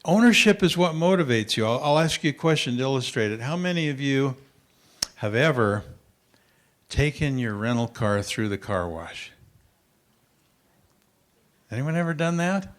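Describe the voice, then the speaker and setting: An older man giving a parenting talk at a conference, telling lively anecdotes to an audience and acting out his son's voice. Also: mid-range voice, normal speed, long pauses. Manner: animated storyteller, acts out his child's voice. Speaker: parenting speaker.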